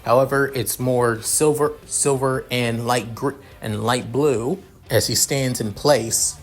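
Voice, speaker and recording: A man's voice: medium pitch, fairly even intonation, slow. Rambling man narrating a fan story. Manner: rambling, many restarts.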